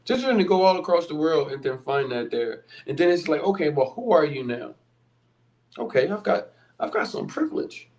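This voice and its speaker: A man's voice: on the high side, sing-song, fairly quick, darkish tone. A man from Philadelphia with a Philly accent, hosting a podcast as a conversational, blunt monologue full of rhetorical questions. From Philadelphia, USA. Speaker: podcast host. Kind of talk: motivational monologue.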